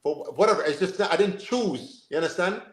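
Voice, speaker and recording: A Jamaican man, a football coach, chatting on a livestream and telling animated stories while switching between Jamaican and American accents. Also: sits high, fast, roomy sound. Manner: animated, code-switching, storytelling. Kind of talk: casual livestream chat.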